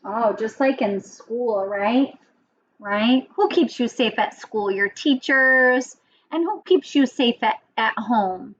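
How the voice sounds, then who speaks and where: A woman teacher telling a story to young children, animated and asking them questions. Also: a little high, slow, dull audio, a little hiss or hum.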